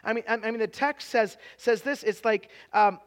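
A man in his forties preaching a sermon, telling stories with lots of restarts and sometimes dropping to a hushed, confessional tone. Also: high-pitched, moderate pace. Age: 40s. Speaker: pastor.

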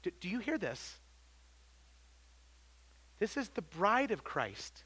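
Emphatic pastor with bright voice. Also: male voice, very animated, slow pace, slightly rough. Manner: emphatic preaching, rises loud then drops low; self-interrupting with repeated words. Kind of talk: sermon.

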